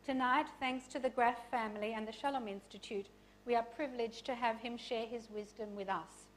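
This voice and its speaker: A woman's voice: fairly high pitch, steady tone, moderate pace, a little hiss or hum, poor audio. A woman hosting an event, reading a formal, earnest introduction of the guest speaker.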